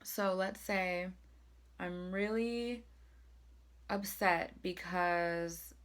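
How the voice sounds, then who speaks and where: A young woman vlogging in a casual, chatty way, her voice sitting a little low for a woman. She talks loosely and pokes fun at herself, with plenty of fillers. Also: steady tone, drawn-out words. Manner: chatty and self-deprecating, with frequent fillers. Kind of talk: casual self-help talk to camera.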